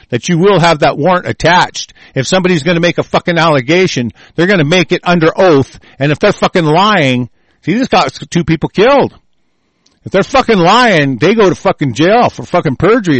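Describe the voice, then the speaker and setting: A man's voice: a little high, no room sound. Furious, profane ranting man. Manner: profane, furious, reading news aloud and interrupting it. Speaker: commentator. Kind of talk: angry ranting commentary.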